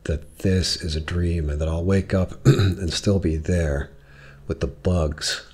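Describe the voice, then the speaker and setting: A man's voice: sits low, steady tone, a little mellow. A man reading the lines of a frightened young woman who cannot sleep and resents her father. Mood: haunted. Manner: halting, anxious, accusing.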